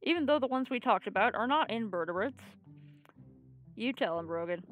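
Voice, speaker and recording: A woman's voice: on the high side, animated, normal speed, phone-quality sound, soft background music. A woman streamer reading a video game aloud and playing it, with playful joking asides.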